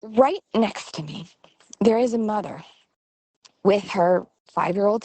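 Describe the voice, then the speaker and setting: A middle-aged woman hosting a podcast, telling a personal story in a lively way and acting out the voices of people she quotes. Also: mid-range voice, measured pace, pauses often, no room sound. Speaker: podcast host. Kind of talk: storytelling monologue.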